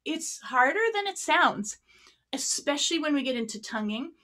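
Clarinet teacher explaining breath technique. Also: female voice, sits high, animated, normal speed, loud music behind the voice. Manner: friendly, explanatory, demonstrating as she talks. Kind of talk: online workshop lesson. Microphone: a few feet from the mic.

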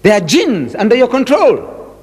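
A man from South Africa giving a public religious lecture, dramatic and animated with lots of repetition. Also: very high-pitched, measured pace, husky, long reverb tail. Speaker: Islamic lecturer.

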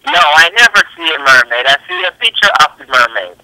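A man on a recorded phone call who talks haltingly and keeps repeating himself to insist on his point. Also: fairly high pitch, lively intonation, bright, forceful tone, dry recording. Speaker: phone scammer.

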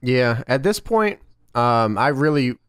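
A man's voice: medium pitch, lively intonation, slow, clear, resonant tone, no room sound, clean studio sound. A man hosting a casual podcast chat, joking around and swearing freely. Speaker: podcast host.

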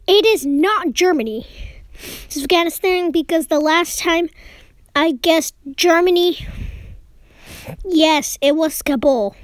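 A young woman giving casual commentary while playing a map-guessing game, excitedly talking to herself as she guesses. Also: very high voice, no echo, clean studio sound. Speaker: game player.

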